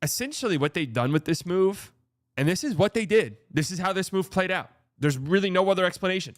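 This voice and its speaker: A man's voice: high voice, animated, a little fast, no room sound, clean studio sound. A man hosting a casual sports commentary show, sarcastic and blunt, swearing freely. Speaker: host.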